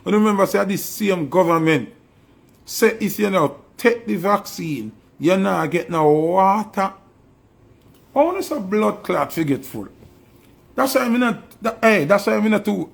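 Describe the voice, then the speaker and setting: A man with a Jamaican accent and a high-pitched voice with vocal fry speaks directly to his viewers as a video commentator. His monologue is preachy and heated, his anger building until he is shouting.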